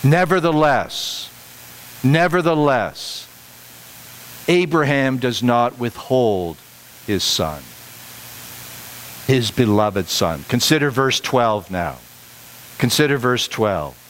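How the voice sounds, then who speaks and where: A middle-aged man preaching a sermon, emphatic and repetitive, pushing his voice higher on the key points. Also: animated, takes it slowly, long pauses, fairly bright tone, slight background noise, rough recording. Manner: emphatic, repeats phrases for stress, rising to higher pitch on key points.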